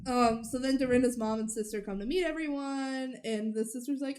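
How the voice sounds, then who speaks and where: A young woman with a high, bright-toned voice chats casually as a podcast co-host. She recaps scenes with animated energy and slips into quick voices for the characters she quotes.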